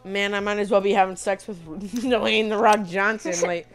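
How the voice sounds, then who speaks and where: A woman's voice: mid-range voice, normal speed, hardly any pauses. A young woman streaming a video game live, swearing freely and laughing a lot as she talks. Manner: profane, excitable, laughs often. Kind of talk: live gaming commentary.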